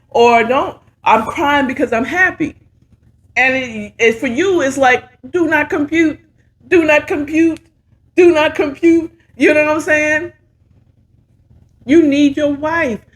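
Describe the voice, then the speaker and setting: A middle-aged woman giving casual, sassy, playful commentary while reviewing a talk show. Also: high-pitched.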